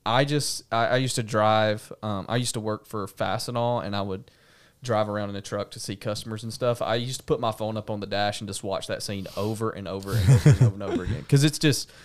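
A man, a pastor guest on a podcast, talking casually in an animated, emphatic way, often laughing and restarting his sentences. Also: on the low side, brisk, hardly any pauses.

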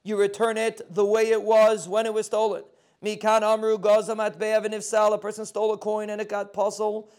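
A man teaching a Talmud lesson, reading the Aramaic text and explaining it in quick with phrasing. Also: high-pitched, monotone, a little mellow, smooth. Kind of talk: daf yomi Talmud lesson.

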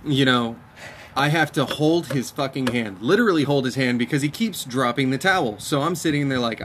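A man's voice: medium pitch, a little fast, fairly bright tone. A young man from Texas tells a story among friends in a loose, profane, exasperated way. His voice sits in a middle register. A faint noise hangs behind him. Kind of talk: casual chat.

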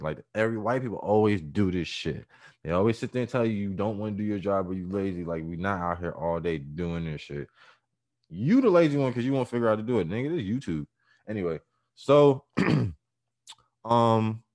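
Low-voiced man telling a profane story. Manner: profane, animated, acts out voices and laughs. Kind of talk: casual storytelling chat.

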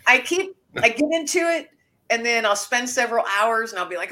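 A woman's voice: on the high side, expressive, a little fast, pushed and bright. A woman author chatting earnestly as a podcast guest. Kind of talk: casual podcast interview.

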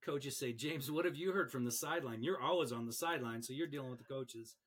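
A man who referees, chatting on a podcast and telling stories in an animated way, often repeating words as he goes. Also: mid-range voice, quick pace, husky. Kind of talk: casual podcast chat.

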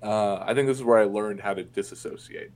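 A man from Indiana speaks as a guest in a casual interview, his voice sitting low. He tells stories candidly and profanely, full of fillers and restarts. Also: fairly quick, darkish tone. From Indiana, USA. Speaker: podcast guest.

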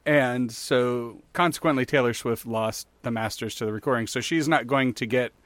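This man's fairly bright, medium-pitched voice keeps a normal speed, recorded with no room sound. Co-hosting a podcast, he chats casually and wanders through a story full of fillers.

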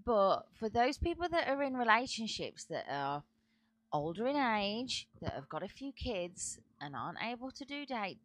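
A woman's voice: a little high, sing-song, normal speed, no room sound. An English woman, producer and co-host, chatting casually and teasing. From England. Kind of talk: casual chat.

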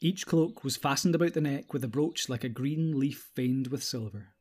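A male audiobook narrator reads a story in a steady, even manner. His voice sits at an average pitch for a man, and the pace stays unhurried and measured throughout. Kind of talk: scripted narration.

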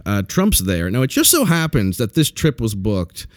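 A man's voice: lowish voice, huge pitch swings, normal speed, dry recording, studio quality. A man hosting a podcast in casual chat, crude and laughing a lot as he tells stories. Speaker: podcast host.

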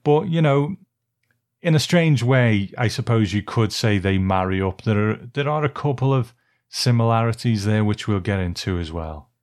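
A man co-hosting a film podcast, easygoing and quick to laugh as he recaps a film's plot. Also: fairly low pitch, a little mellow. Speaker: podcast co-host. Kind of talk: casual chat and reading a plot summary.

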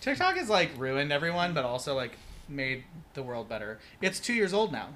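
A man's voice: on the high side, big pitch swings, normal speed, sharp tone, a little hiss or hum. A man co-hosting a podcast in casual chat, campy and theatrical, swearing freely. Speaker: podcast co-host.

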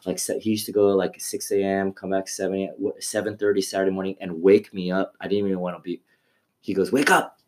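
A comedian chatting casually, excitable and slangy, calling people dude and man. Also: low voice, quick pace, slight background noise. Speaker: comedian guest. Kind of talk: casual chat.

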